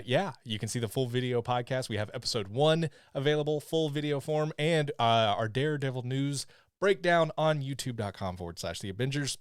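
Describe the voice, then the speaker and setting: A man hosting a casual fan podcast and reading off the show's plugs. His voice sits at a middle pitch, close on a dry microphone. He jokes and swears easily between the announcements. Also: no echo. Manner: joking, swearing, lively plugs. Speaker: podcast host.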